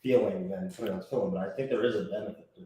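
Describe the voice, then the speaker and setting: Fast-talking student, low voice, echoey room. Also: male voice, warm tone, a little hiss or hum. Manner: thinking aloud, hesitant, halting phrases.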